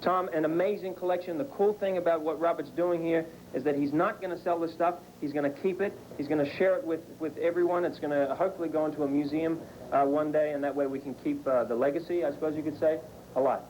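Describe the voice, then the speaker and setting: A man's voice: on the high side, steady tone, fast, a little mellow, a little hiss or hum, poor audio. Upbeat man reporting from a collection. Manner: upbeat, chatty, addresses the anchor by name. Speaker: field reporter. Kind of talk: enthusiastic on-location TV report. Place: indoor collection room on location.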